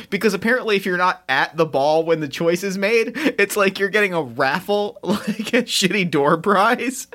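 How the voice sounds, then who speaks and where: Giggly, animated woman recapping a movie. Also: lowish voice. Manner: laughs through recaps, animated storytelling. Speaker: podcast co-host. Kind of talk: casual comedic chat.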